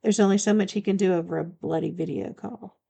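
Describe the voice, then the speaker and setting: A woman voicing a young-looking female vampire in an audiobook, talking quickly and defensively. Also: medium pitch, steady tone, vocal fry, mellow, slightly rough.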